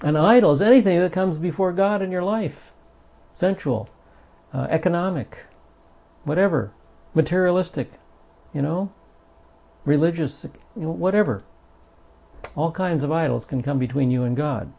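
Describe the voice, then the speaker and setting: A man's voice: a little high, moderate pace, creaky, long pauses, warm tone. A man giving a Bible study lesson in an earnest, emphatic way, stressing the passages he reads aloud. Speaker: Bible teacher. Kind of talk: recorded Bible study teaching. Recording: dull lo-fi recording.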